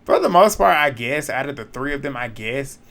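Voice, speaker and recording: Gravelly, bright-voiced blunt man. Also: medium pitch, animated, normal speed. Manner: blunt, profane, opinionated. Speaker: reality show recap host. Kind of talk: casual recap commentary.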